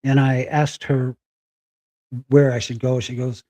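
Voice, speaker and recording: A middle-aged man telling a personal story candidly, halting and close to tears. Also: mid-range voice, level tone, mellow, no echo. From Spokane, Washington. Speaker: guest.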